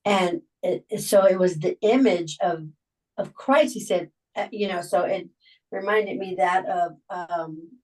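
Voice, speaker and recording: A middle-aged woman sharing a personal story on a video call, halting and full of fillers and restarts. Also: fairly low pitch, a little mellow. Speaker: Bible study group member. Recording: voice sounding distant from the mic.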